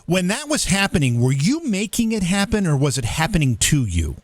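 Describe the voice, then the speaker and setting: Lively-voiced man hosting an interview. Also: high voice, dry recording. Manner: measured, probing questions. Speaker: podcast host. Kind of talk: interview questions.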